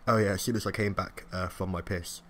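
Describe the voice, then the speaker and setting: Deep-voiced guy reviewing wrestling. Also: fairly even intonation, a bit bright, slight background noise. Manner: chatty, laughs often, mimics people in quick asides. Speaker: podcast co-host. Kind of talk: casual wrestling review chat.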